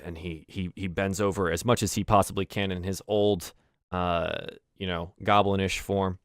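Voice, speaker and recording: A man narrating a tabletop game as game master, halting and repeating words as he describes scenes. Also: low voice, steady tone, no room sound, clean studio sound. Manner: halting, many fillers and restarts.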